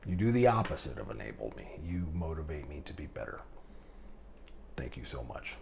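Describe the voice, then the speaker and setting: A man's voice: rumbling low, very animated, brisk, creaky, background noise. A middle-aged man giving rambling, emotional fatherly advice to his daughters in a heartfelt vlog monologue.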